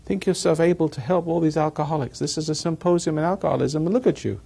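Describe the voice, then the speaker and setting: A man's voice: on the high side, fast talker, vocal fry, mellow, husky. A man giving a rambling talk to a live audience, chuckling at his own jokes as he tells stories. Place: evening gathering with an audience.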